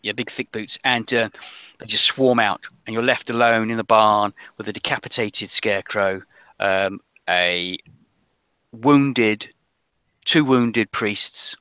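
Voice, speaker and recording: A man narrating as game master of a tabletop role-playing game, halting, with many fillers. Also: lowish voice, bright, forceful tone, smooth, no echo.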